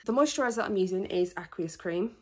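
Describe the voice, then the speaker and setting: A woman's voice: medium pitch, animated. A young British woman sharing competition tanning tips in a chatty, self-mocking talk to camera, a little out of breath. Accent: British English. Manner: chatty, self-mocking asides, quick laughs. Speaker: bodybuilding competitor and vlogger.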